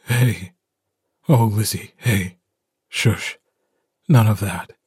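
A steady, protective werewolf alpha, voiced by a man, calm and tender even when grave. He speaks slowly in a husky low voice, recorded close and dry for an audiobook. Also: no room sound, full character voice. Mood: soothing.

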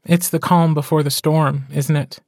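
Guy putting on a soft-spoken young woman, a bit higher, reassuring, in a storybook read. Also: steady tone, normal speed, no room sound, studio quality. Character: young woman, warm steady pack member.

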